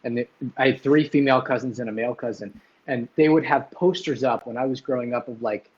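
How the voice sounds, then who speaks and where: A man's voice: mid-range voice, fast. A man hosting a livestream, rambling casually and swearing now and then. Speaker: livestream host. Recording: dull lo-fi sound.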